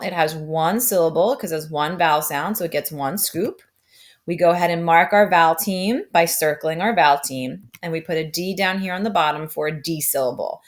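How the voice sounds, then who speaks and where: A woman gives a phonics lesson to young children in a patient, upbeat way, often checking in with the listener. Her voice sits a little low for a woman. She keeps things clear and encouraging. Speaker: teacher.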